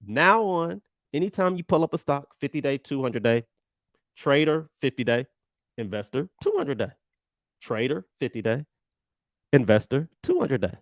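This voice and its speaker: A man teaching an energetic online trading lesson, animated, emphatic and blunt with his viewers. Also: mid-range voice, moderate pace, dry recording, studio quality. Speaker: trading coach.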